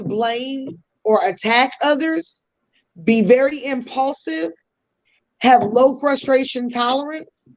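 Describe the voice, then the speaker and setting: A woman's voice: fairly high pitch, darkish tone, low-quality recording. A woman hosting a podcast, explaining communication styles in a teaching tone with casual slang asides. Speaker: podcast host.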